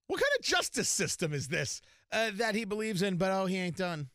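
Sarcastic guy ranting on talk radio, pitch all over the place, slightly high voice. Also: brisk, no echo, studio quality. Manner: sarcastic, animated, mocking. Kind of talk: opinionated talk radio commentary.

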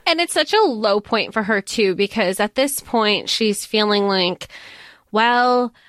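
A woman's voice: mid-range voice, expressive, moderate pace, a bit bright, dry recording, studio quality. A woman co-hosting a podcast, chatting casually about books in a rambling way with many restarts. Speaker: podcast co-host. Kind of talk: casual book discussion.

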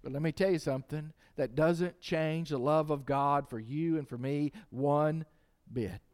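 A man in his fifties preaching with fervor, his voice notably high for a man. He drops low and quiet, then rises to shouting as he drives home each point. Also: unhurried. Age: 50s. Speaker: pastor. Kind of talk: sermon.

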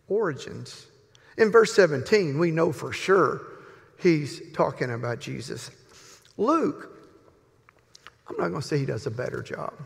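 A man in his sixties, a pastor, giving a sermon as humorous, folksy storytelling with long pauses. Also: on the high side, gravelly. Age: 60s. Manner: folksy, joking, drawn-out pauses. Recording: reverberant hall.

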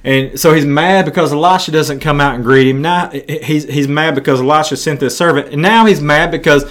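A man preaching a sermon, retelling scripture in an animated storytelling way with frequent restarts. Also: on the high side, brisk.

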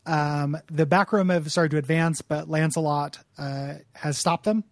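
A man's voice: on the high side, fairly even intonation, a little slow, dry recording, clean studio sound. A man co-hosting a podcast, chatting casually as he recaps a video game, rambling and acting out the characters' lines. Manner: rambling, laughs while telling, acts out characters' lines. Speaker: podcast co-host.

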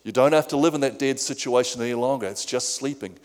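A man preaching a sermon in a church hall, earnest and often stumbling over repeated words. His voice sits at a middle male pitch, and a long hall reverb trails after each phrase. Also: fast.

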